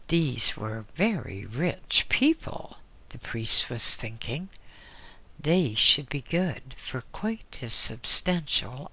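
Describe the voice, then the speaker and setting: A man reading an audiobook in a slow, measured way, dropping into soft whispers now and then. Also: fairly high pitch. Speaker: audiobook reader. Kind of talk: scripted audiobook narration.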